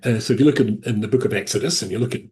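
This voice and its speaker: A man's voice: fairly low pitch, rapid-fire, a little mellow. A male rabbi teaching a Torah class over a video call, talking in a digressive way with frequent restarts and asides.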